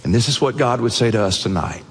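A man preaching a sermon, telling a story earnestly and softening his voice at emotional points. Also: mid-range voice, animated, fast talker, slight background noise. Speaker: pastor. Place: church sanctuary. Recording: long reverb of a large hall.

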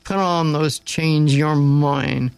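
A man's voice: a little high, steady tone, slow, gravelly, smooth, no room sound. A man voicing a cruel, menacing slave master in a spoken story, growling and snarling his lines. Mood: commanding.

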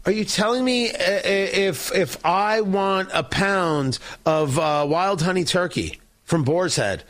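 A man's voice: high voice, unhurried, fairly bright tone. A man hosting a political talk show, delivering an opinionated monologue in a sarcastic, combative, mocking way.

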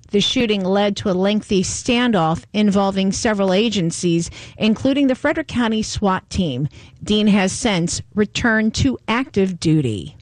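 A woman reading radio news bulletins in a measured, even delivery. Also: mid-range voice, dry recording. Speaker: newsreader.

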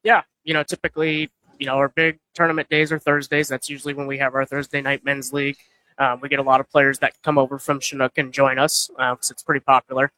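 A man, answering interview questions at a golf show in a steady, matter-of-fact way. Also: medium pitch, quick pace, no room sound, rough recording. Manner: steady, matter-of-fact, many you-knows. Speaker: golf course staff guest. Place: booth at a consumer golf show.

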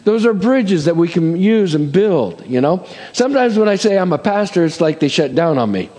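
High-voiced preaching pastor in a reverberant hall. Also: male voice, sing-song, normal speed, mellow. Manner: conversational preaching with asides and "amen?" checks. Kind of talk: sermon.

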